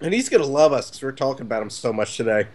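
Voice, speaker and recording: A man co-hosting a podcast, retelling stories in animated casual chat. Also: mid-range voice, racing. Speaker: podcast co-host.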